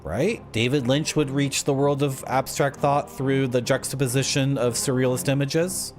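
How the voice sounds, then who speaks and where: A male streamer commenting on a game live at home, his voice pitched at an ordinary middle range. He talks in a rambling, jokey way and wanders off on tangents. Game music plays clearly underneath. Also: lively intonation, measured pace, hardly any pauses.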